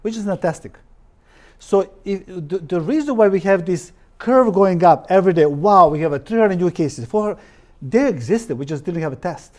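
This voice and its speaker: A man's voice: high-pitched, expressive, normal speed. Emphatic man lecturing from slides. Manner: reads quotes aloud, stresses words, drops articles. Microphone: live-stream recording.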